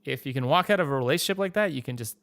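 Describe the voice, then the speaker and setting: A man's voice: medium pitch, lively intonation, very fast, fairly bright tone, dry recording. A man hosting a podcast, telling a rambling, casual story, swearing and acting out quoted dialogue. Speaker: podcast host. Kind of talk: casual monologue.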